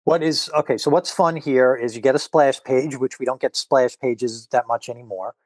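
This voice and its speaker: A middle-aged man in casual podcast chat, animated and reading comics aloud with voices. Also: mid-range voice, normal speed, no room sound. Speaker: podcast guest.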